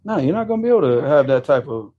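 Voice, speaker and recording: Animated man telling a story. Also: on the high side, rapid-fire, phone-quality sound. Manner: animated, with frequent restarts. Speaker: storyteller guest. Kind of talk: casual storytelling conversation.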